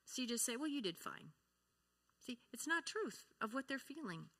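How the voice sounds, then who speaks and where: Bright-voiced woman teaching a congregation. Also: high-pitched, sing-song, normal speed. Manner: asks the audience questions and acts out example replies. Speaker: church speaker teaching on grief and feelings. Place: church.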